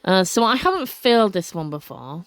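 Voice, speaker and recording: Animated woman playing a game aloud. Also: mid-range voice, normal speed, dry recording, soft background music. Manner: expressive, gasping reactions, chatty asides. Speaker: let's play creator. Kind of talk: casual game commentary and reading game text aloud.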